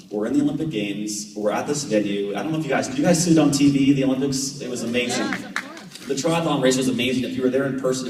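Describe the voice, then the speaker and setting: A man's voice: mid-range voice, recorded from a distance. Chatty man in his thirties, echoey room. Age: 30s. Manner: chatty, jokey, animated anecdotes. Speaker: Olympic triathlete guest speaker. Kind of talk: storytelling talk to a club. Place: meeting room. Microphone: far camera.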